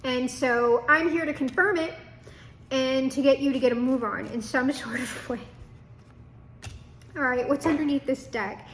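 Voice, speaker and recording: A woman's voice: high-pitched, unhurried, long pauses, fairly bright tone, slight background noise. A young woman giving a chatty, casual tarot reading to her viewers, swearing and laughing as she goes. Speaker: tarot reader.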